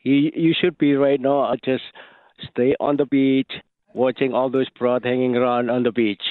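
A man calling in to a radio show, talking haltingly and repeating names. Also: medium pitch, little pitch movement, no echo, narrow, tinny audio. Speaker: caller. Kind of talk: call-in radio.

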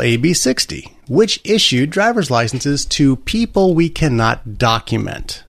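A man's voice: mid-range voice, sing-song, a little slow, gravelly, few pauses, dry recording. A man hosting a talk radio show, rambling and sarcastic, with frequent restarts. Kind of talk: casual political talk radio.

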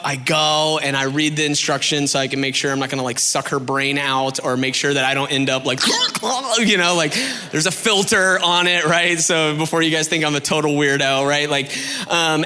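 Lively storytelling man preaching from a stage. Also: fairly high pitch, moderate pace, clean tone, in a large hall. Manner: animated storytelling with many asides and fillers. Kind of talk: sermon. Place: large hall on a stage.

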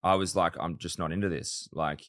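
A man's voice: sits low, fairly even intonation, a little fast, a bit bright. A young man chatting as a podcast guest, telling his side of events defensively. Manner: defensive, storytelling. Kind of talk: casual chat.

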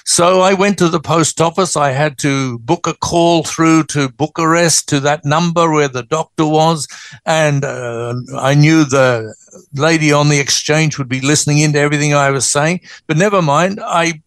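An older man with an Australian accent, a guest telling his story in a lively, anecdotal way. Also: a little high, moderate pace, smooth, no room sound. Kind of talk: storytelling interview.

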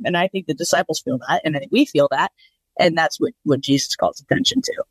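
An enthusiastic co-host on a faith podcast, explaining the background of Bible passages with playful asides. The voice sits at a middle pitch and is recorded close and dry, with no room echo. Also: very animated, fast talker, slightly rough. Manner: enthusiastic, jokey explainer of scripture context. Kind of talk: casual Bible-study podcast chat.

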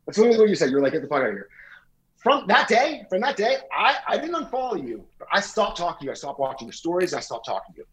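A man's voice: high-pitched, big pitch swings, fast, few pauses, fairly bright tone, rough recording. A man on a podcast, rambling through a heated, profane comedic rant and acting out what others said. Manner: rambling, profane, confrontational, acts out quotes. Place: indoor room with wallpaper and a lit mirror.

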